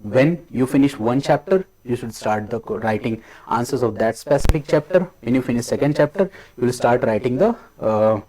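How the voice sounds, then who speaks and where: Heard on a low-quality recording, this middle-aged man speaks in a warm, medium-pitched voice while coaching students for an exam. As a history teacher, he drills key phrases slowly and repetitively, closing lines with a rising "okay?"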